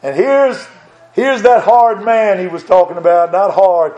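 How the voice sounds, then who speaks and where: Older male preacher, high voice, echoey. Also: unhurried, a little mellow, highs cut off. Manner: earnest, repeats words, reads scripture aloud. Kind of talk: sermon.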